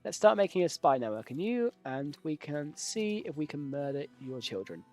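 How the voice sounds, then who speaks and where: A man's voice: fairly high pitch, very animated, moderate pace, darkish tone, soft background music. A man giving casual, rambling live commentary while playing a strategy game, joking at his own expense and swearing now and then. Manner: rambling, jokey, self-deprecating.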